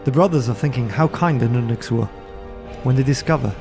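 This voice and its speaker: A man's voice: mid-range voice, fairly quick, creaky, over music. A man co-hosting a podcast, narrating a gamebook adventure in a storytelling manner. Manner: storytelling, light laughs between sections. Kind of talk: narrating a gamebook play-through.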